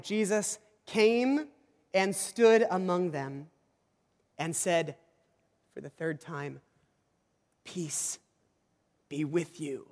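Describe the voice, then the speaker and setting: A man preaching a sermon, telling a rambling, self-deprecating personal story with many restarts. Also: sits high. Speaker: pastor. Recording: long hall reverb.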